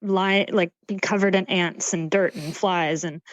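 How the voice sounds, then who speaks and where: A young woman from Canada chatting casually as a podcast guest, animated and laughing often, with lots of "like.". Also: lowish voice, a little slow, dry recording, dull audio. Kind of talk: casual chat. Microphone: remote call mic.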